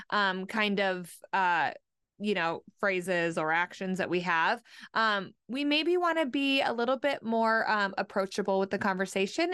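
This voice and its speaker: A woman's voice: on the high side, fairly bright tone, clean tone, no room sound, studio quality. A woman hosting a radio money show in a casual chat, upbeat and explaining with little example quotes. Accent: Upper Midwest American. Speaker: radio host and money coach.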